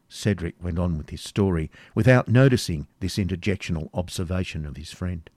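A man reading an audiobook as narrator, measured and even. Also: sits low, dry recording, clean studio sound. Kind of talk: scripted narration.

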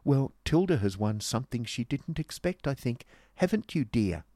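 A man's voice: expressive, fairly quick, a little mellow, dry recording, studio quality, natural voice. A man voicing a jealous, spiteful young woman who sneers and titters in an audiobook reading. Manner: shrill, sneering, giggly. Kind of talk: audiobook character voice.

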